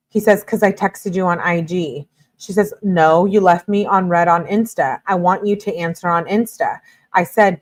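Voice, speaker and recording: A woman hosting a true-crime commentary, reading text messages aloud in a plain delivery and breaking off now and then into exasperated asides. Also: lowish voice.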